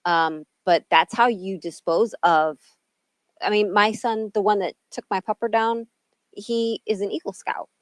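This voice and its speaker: A woman's voice: medium pitch, steady tone, measured pace, dry recording. A middle-aged woman from Illinois, co-hosting a podcast in casual, rambling chat full of side tangents. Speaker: podcast co-host.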